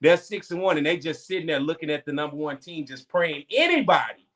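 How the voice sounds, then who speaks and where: A man co-hosting a sports talk show, talking in animated, excitable casual banter. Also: fairly high pitch, fairly quick.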